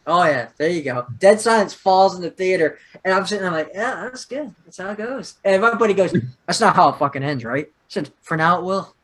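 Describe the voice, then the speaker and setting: A woman's voice: on the low side, expressive, quick pace, few pauses. A woman co-hosting a podcast, telling a story in casual chat and swearing freely. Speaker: podcast co-host.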